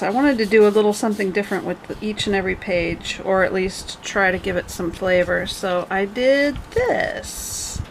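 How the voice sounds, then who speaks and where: A woman's voice: medium pitch, a little hiss or hum, low-quality recording. Chatty woman showing off a handmade journal. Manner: chatty, rambling, with jokey asides. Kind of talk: casual show-and-tell.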